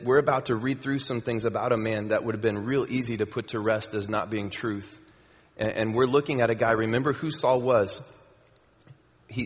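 Guy preaching, chatty, lots of ums and restarts, big echoey church hall. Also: medium pitch. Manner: conversational, with many fillers and repeats. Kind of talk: sermon. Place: church sanctuary. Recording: long hall reverb.

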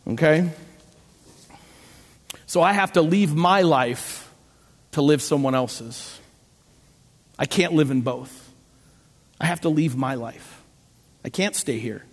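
Pausing at length and speaking slowly, this middle-aged pastor has a slightly high voice. His sermon is animated storytelling, complete with acted-out voices and self-deprecating humor. The sound carries a long hall reverb.

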